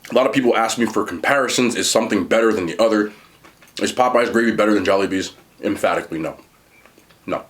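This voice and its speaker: A man talking casually while eating and reviewing fast food, chatty and animated, pausing to chew. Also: fairly low pitch.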